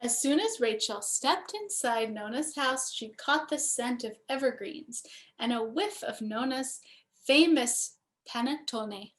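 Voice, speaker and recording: Cantor lady reading a bedtime story, high bright voice, gentle and expressive. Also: takes it slowly.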